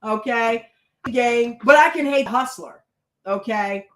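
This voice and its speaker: A woman's voice: fairly high pitch, slow, reverberant, slight background noise, rough recording. A woman hosting a casual reality TV recap, blunt and chatty, swearing freely. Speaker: reaction show host.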